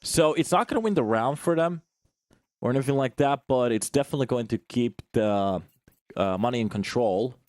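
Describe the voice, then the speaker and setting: A man's voice: medium pitch, moderate pace, darkish tone, dry recording. A man giving live play-by-play commentary on a competitive match, chatty and joking with viewers between calls. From Finland. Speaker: esports commentator.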